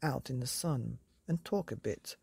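A woman voicing a foul old woman of eighty-three in a bedtime story, slow and sweet. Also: very deep voice, vocal fry, darkish tone, slightly rough, no echo, heavily acted. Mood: coaxing.

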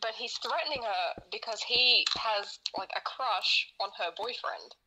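A woman's voice: a little high, a little slow, noisy background. A woman co-hosting a casual podcast, telling her story series in a rambling, sweary way with lots of laughing. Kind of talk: casual chat while gaming.

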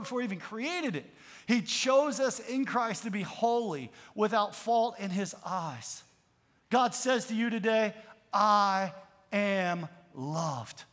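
A middle-aged man preaching a sermon as pastor, moving from relaxed storytelling to emphatic calls and having the congregation repeat lines. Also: sits high, long reverb tail. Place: large church hall.

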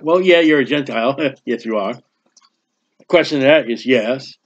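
A man teaching a Bible passage verse by verse, emphatic and repetitive, with conversational asides and quick jokes. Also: mid-range voice, husky. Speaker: preacher. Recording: dull lo-fi recording.

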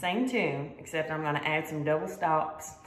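A woman's voice: low voice, lively intonation, normal speed, loud music behind the voice. A woman fiddle teacher explaining styles in a friendly, casual, self-deprecating way. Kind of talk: casual instructional talk to camera. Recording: roomy echo.

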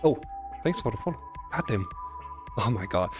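A man's voice: lowish voice, very animated, moderate pace, music in the background. A man with a German accent, a streamer chatting casually and teasingly with his viewers, stammering and restarting often, his voice a little worn. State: strained voice. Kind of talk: casual live-stream chat.

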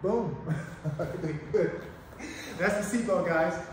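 An energetic man with a high-pitched voice, leading a hands-on demonstration lesson with emphatic calls to watch. The room is very echoey and he is some way off from the mic. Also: very slow, far from the mic, a little hiss or hum. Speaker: police officer and instructor.

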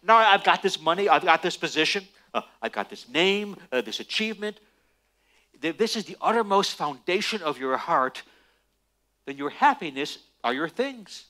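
A man, a Messianic rabbi, preaching a sermon emphatically and slowing down for stress on key lines. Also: sits high. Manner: emphatic, animated preaching with dramatic slowdowns.

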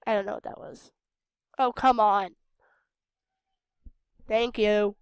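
This game video host is a young Idaho woman, tired and a bit under the weather, whose Western American accent carries her rambling, casual commentary as she answers the game's characters. She speaks slowly at a medium pitch with fairly even intonation. Her tone is clear and resonant, and there's no echo.

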